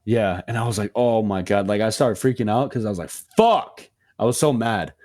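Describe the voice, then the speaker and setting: A man's voice: lowish voice, fast. Slangy young man telling a story. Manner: slangy, profane, animated storytelling. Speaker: podcast co-host. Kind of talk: casual storytelling chat.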